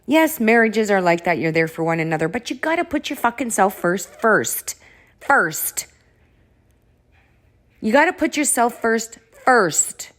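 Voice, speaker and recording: Woman, mid-pitched, casual vlog monologue; blunt, exasperated, profane storyteller. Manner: blunt and profane, frequent swearing; exasperated, animated delivery with restarts. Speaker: vlogger telling a personal story.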